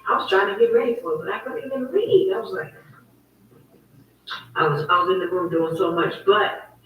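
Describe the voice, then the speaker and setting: A woman's voice: medium pitch, expressive, fairly quick, lo-fi sound, a little hiss or hum. Woman ranting on her livestream show, heated and repeating herself, sounds far off the mic w/ a roomy echo. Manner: emphatic, repetitive, heated storytelling. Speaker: host of her own online talk show. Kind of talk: casual livestream monologue.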